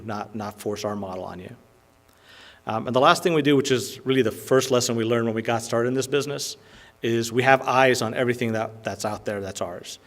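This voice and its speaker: A man giving a business presentation to a lunch audience, talking in a casual, filler-heavy way and often checking in with "right?". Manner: filler-heavy, conversational pitch with frequent "um" and "right?". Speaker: company presenter.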